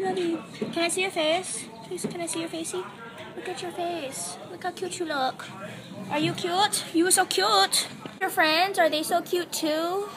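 Woman, very high voice, doting baby talk, gushing, outdoor farm, crowd noise behind. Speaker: vlogger on a farm visit. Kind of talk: casual vlog, cooing baby talk to lambs.

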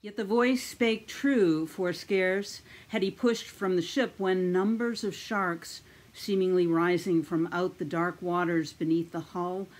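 A woman narrating a classic sea novel in a careful, deliberate audiobook reading. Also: fairly low pitch, darkish tone, rough recording.

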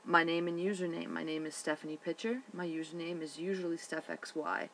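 A young woman with a Boston accent talks to her webcam in a loose, offhand way, swearing casually and filling pauses with ums. Her voice sits slightly low, and a faint background noise runs under the recording. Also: fairly even intonation, low-quality recording. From Massachusetts, US. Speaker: vlogger. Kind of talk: casual webcam vlog, reading a word list aloud.

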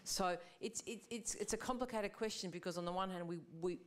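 A woman's voice: medium pitch, fairly quick. A woman, a film director speaking thoughtfully on a live panel, searching for her words. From Australia. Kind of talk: panel discussion. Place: live gallery panel event.

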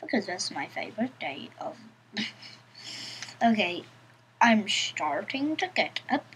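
A woman's voice: mid-range voice, big pitch swings, slow, a bit bright, a little hiss or hum, poor audio. A woman giving casual let's-play commentary, chatting to herself in a playful, giggly way. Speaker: gameplay commentator.

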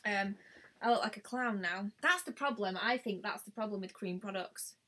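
A woman's voice: mid-range voice, moderate pace, fairly bright tone. A young woman chatting casually on a live stream as a beauty vlogger, thinking aloud and exclaiming often. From United Kingdom.

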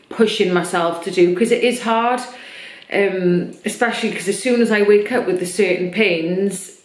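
Woman vlogger, low-ish voice, candid filler-heavy chat, slightly scratchy throat, roomy echo. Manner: open, chatty, many fillers. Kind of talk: personal vlog chat. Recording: echoey room.

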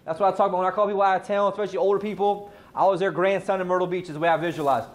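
A man teaching a live sales training class, firing questions at the room and answering them himself. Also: high voice. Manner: energetic, quizzes the audience, rapid questions.

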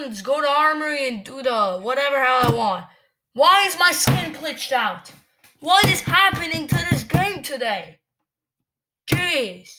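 A woman gamer giving angry, cursing commentary while she plays, ranting and shouting at other players. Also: high-pitched.

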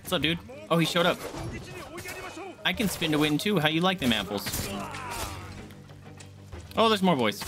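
A man streaming a game, chatting casually and shouting and swearing at enemies, with game music behind. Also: on the high side, moderate pace, pauses often. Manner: excitable, yelling and swearing at enemies. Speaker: gaming streamer. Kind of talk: casual let's-play commentary.

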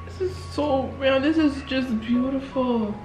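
A woman's voice: high voice, measured pace, reverberant, music in the background. A woman gushing and exclaiming in a casual vlog. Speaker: girlfriend being proposed to. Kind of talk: excited casual chat.

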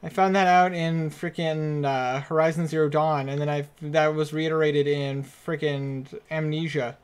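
A man's voice: fairly high pitch, little pitch movement, measured pace, clear, resonant tone. Jumpy, nervous man playing a horror game. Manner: nervous, jumpy, muttering to himself. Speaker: gaming channel host. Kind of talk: horror game playthrough commentary. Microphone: desk microphone.

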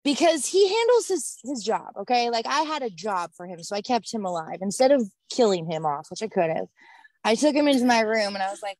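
A woman's voice: medium pitch, lively intonation, brisk, a little mellow, no echo. A woman performing a stand-up comedy set online, telling stories in a brash, profane and exasperated way. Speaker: stand-up comic. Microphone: video call.

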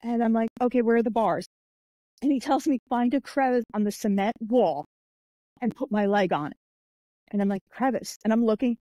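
In a slightly high voice at normal speed, with no echo, the guest recounts stories animatedly on a podcast. She is an author and martial artist who acts out the people she quotes and keeps saying "like" and "I'm like."

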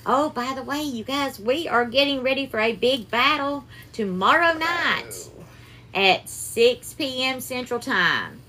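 A woman's voice: sits high, very animated, a little slow, bright, forceful tone, slight background noise. A woman with a Southern US accent hosts a casual live cooking stream, chatting and greeting viewers by name with sweetheart and darling. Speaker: cooking livestream host.

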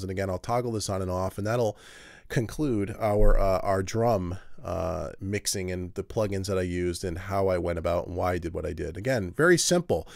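A man's voice: sits low, creaky, no echo. A man hosting a home-studio tutorial, explaining his mixing steps casually with fillers and restarts. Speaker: mix engineer tutorial host. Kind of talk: screen-recorded software tutorial.

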